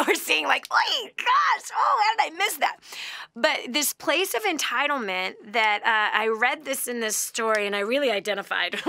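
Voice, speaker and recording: A woman hosting a call-in radio talk show, animated and quick to laugh, acting out little voices as she tells stories. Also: high-pitched, dry recording, clean studio sound.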